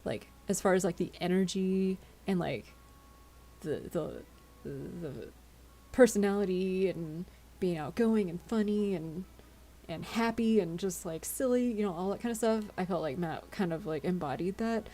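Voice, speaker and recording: A woman's voice: lowish voice, expressive, normal speed, mellow. A tired woman chatting casually with her viewers on a live stream, giggly and often tripping over her words. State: tired, yawning.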